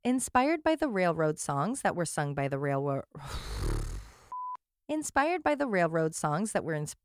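A woman's voice: deep voice, wildly swooping pitch, takes it slowly, creaky, dry recording, clean studio sound. A woman hosting a casual podcast, reading aloud and chatting, giggly and playful. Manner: giggly, playful, breaks into silly singing. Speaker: podcast host.

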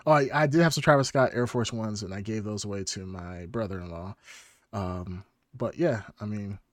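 A man hosting a podcast, telling funny home stories in a loose, animated way, laughing and swearing often. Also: on the low side, normal speed, no echo, studio quality. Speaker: podcast host. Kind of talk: casual storytelling chat.

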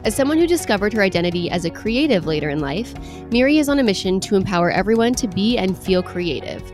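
A woman's voice: medium pitch, expressive, fast, a little mellow, soft background music. Bubbly woman podcast host. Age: 20s. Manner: bubbly, enthusiastic. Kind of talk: scripted intro, then casual interview chat.

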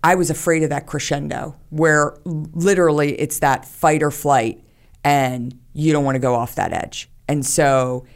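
A woman's voice: low-pitched, steady tone, normal speed. A woman, a podcast guest, talking candidly in a casual conversation, with many fillers. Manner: candid, talks openly about her anxiety with many fillers.

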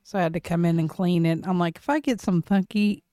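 A woman's voice: fairly low pitch, a little fast, mellow, no echo, clean studio sound. A middle-aged woman co-hosting a podcast, telling a story in casual chat, swearing freely and laughing often. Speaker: podcast co-host.

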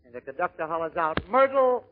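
A man telling a string of comic stories in a brisk storyteller's manner, slipping into character voices. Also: high-pitched, animated. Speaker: stand-up comedian. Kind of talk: joke telling. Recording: tinny lo-fi old recording.

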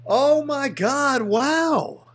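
A man co-hosting a film podcast, reacting with quick exclamations and laughter. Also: very high voice, fairly bright tone. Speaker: podcast co-host. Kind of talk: casual film-discussion chat.

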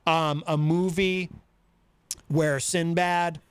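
Male talk host, clear and smooth, slightly higher pitch, hesitant and fumbling when he explains. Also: fairly even intonation, extremely slow, no room sound. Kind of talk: casual radio talk.

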